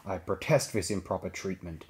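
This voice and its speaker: A man's voice: low voice, moderate pace, darkish tone, natural voice. A man voicing a proud furry male alien diplomat in an audiobook, speaking formally and snarling when angered. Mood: stiff formal. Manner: formal, stiff, hisses and snarls when angry.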